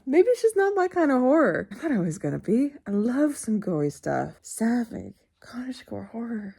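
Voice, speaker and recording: A woman book vlogger chatting casually at home in a weekend vlog, expressive and quick to laugh. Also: a little high, slightly rough.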